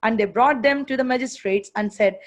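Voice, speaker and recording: A woman's voice: fairly high pitch, a little fast. A woman preaching a sermon, emphatic, repeating her phrases and asking rhetorical questions.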